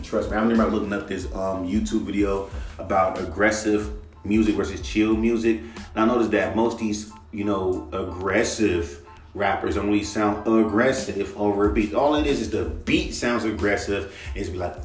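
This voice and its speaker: A man's voice: fairly low pitch, steady tone, normal speed. A young man hosting a podcast, ranting casually and profanely about rap and imitating other rappers' flows. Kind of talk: casual solo rant. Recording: echoey room, mic at a distance, faint music.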